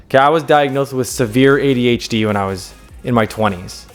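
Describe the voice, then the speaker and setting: A man's voice: mid-range voice, fairly quick, soft background music. A man in his thirties talking straight to camera, giving unscripted self-help advice in an earnest, emphatic way, repeating key words and checking in with the viewer. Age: 30s.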